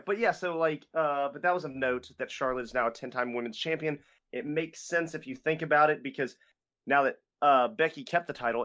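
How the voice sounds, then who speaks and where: A young man with a medium-pitched, somewhat bright voice co-hosts a podcast, talking casually in a rambling manner full of fillers and restarted sentences.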